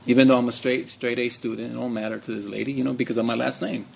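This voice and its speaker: A man's voice: mid-range voice, fairly even intonation, quick pace, creaky, a little hiss or hum. A man from California telling a personal story in a group discussion, conversational, often checking in with "right?". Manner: conversational, says "right?" and "you know" often.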